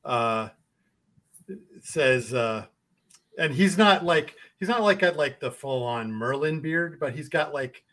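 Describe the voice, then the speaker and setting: A man running a tabletop game as game master. He speaks slowly and a little high, stopping often to search for words as he describes the scene. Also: lively intonation, fairly bright tone, low-quality recording. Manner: halting, full of uh fillers while describing.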